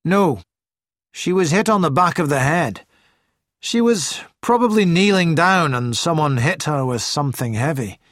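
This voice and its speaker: A man's voice: a little high, expressive, unhurried, a bit bright, dry recording, clean studio sound. A man reading aloud as a matter-of-fact male doctor explaining a death. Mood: factual.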